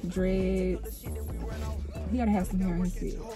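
A woman's voice: on the low side, flat delivery, measured pace, distant mic, over music. A young woman from Georgia, answering in short, shy casual chat as a blind date contestant. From Columbus, Georgia.

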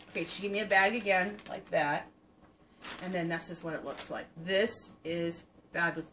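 A woman's voice: on the low side, a bit bright, a little hiss or hum, low-quality recording. A woman hosting a fiber-craft podcast, chatting casually and enthusiastically to viewers with plenty of ums. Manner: gushing, enthusiastic, full of filler words. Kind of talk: casual show-and-tell chat to viewers.

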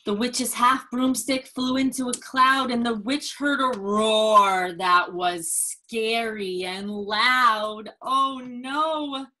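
A woman reading a picture book aloud to a child, slow and expressive, with gasps and prompting questions. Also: on the high side. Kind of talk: storybook read-aloud.

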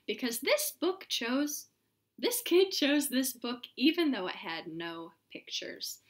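Woman storytime host, high bright voice, slow and hammy, made for kids. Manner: playful, exaggerated, with silly sound effects. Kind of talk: reading a picture book aloud to children.

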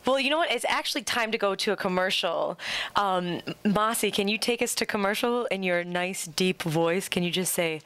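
A woman's voice: mid-range voice, normal speed, a bit bright, clear, resonant tone. A woman co-hosting a talk show, chatty and teasing in casual chat. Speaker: co-host.

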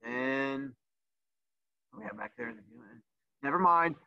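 A man's voice: mid-range voice, a little slow, clean tone, dry recording. A man teaching a livestreamed class, teasing his students in a sassy, playful way. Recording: dull lo-fi dry sound.

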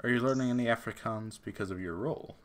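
A man's voice: mid-range voice, fast talker. A man hosting a casual podcast, eager and laughing easily. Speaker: podcast host.

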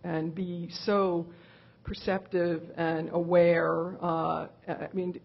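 Female onstage interviewer, breathy, low, searching and thoughtful, lo-fi audio. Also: little pitch movement, slow. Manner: thoughtful, searching questions with fillers. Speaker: interviewer, curator. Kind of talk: live onstage conversation.

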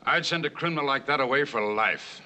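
A stern, huffy governor. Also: male voice, mid-range voice, fairly quick, pushed and bright. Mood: outraged. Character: stern outraged state governor, older man. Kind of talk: 1960s film comedy acting.

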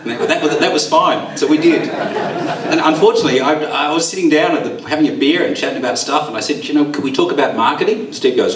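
A man giving a rambling, halting memorial speech, teary, with a quaver in his voice. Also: on the high side, very animated, noisy background. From Australia. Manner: rambling, halting, with many fillers. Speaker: eulogy speaker. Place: bowls club hall. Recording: echoey room, far from mic.

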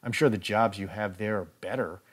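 A man voicing a quiet, reserved studio head. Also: lowish voice, fairly even intonation, a little fast, close to an everyday voice. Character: calm reserved older male studio head.

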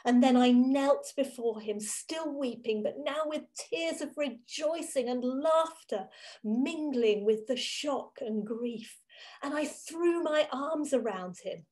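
A woman giving a first-person dramatic monologue as a grieving, devoted woman disciple from ancient times, telling it slowly and with emotion. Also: sits high, darkish tone. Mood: awed. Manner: slow, emotional, intimate storytelling. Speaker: church reader.

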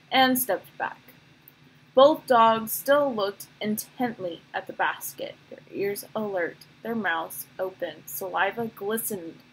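Woman reading a chapter book out loud, breathy husky voice, steady. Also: medium pitch, rough recording. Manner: steady storytelling. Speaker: reader. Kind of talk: reading a novel aloud.

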